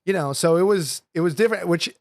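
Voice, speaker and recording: Animated young New York comedian, dry sound. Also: male voice, high voice, fast, dry recording. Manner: animated storyteller, slips into impressions. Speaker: guest comedian. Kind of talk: casual podcast chat.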